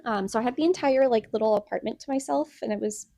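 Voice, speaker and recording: A young woman co-hosting a casual podcast from home. She rambles through a story, full of fillers and little laughs, in a fairly high, mellow voice. The sound is close and dry, with no room around it. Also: fast, gravelly, no echo. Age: 20s. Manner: rambling, chatty, lots of "like" and laughs. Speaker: podcast co-host. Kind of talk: casual chat. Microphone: podcast mic.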